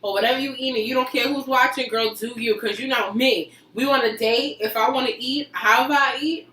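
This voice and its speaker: A woman's voice: fairly high pitch, brisk. A woman talking in a casual group chat, blunt and profane, telling stories with lots of energy. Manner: blunt, profane, animated storytelling. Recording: echoey room, mic from a distance, faint noise.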